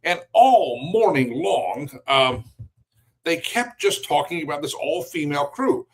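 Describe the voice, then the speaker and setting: A man's voice: a little high, big pitch swings, a little slow, rough recording. A man hosting a daily news show, giving blunt, mocking opinion commentary with chuckles between remarks.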